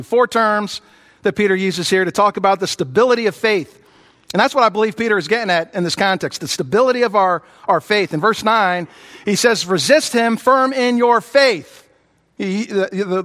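A man preaching a sermon, earnest and repetitive, who rises in pitch when voicing others. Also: fairly bright tone. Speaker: pastor. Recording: long hall reverb.

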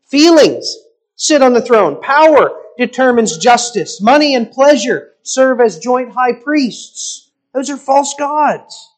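A man preaching a sermon in an emphatic, rhetorical style with deliberate pauses. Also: very high-pitched, lively intonation.

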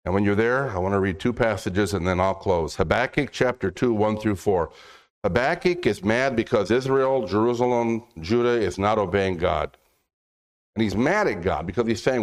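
A man preaching a sermon, reading scripture slowly and acting out biblical dialogue in a conversational way. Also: fairly low pitch. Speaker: pastor.

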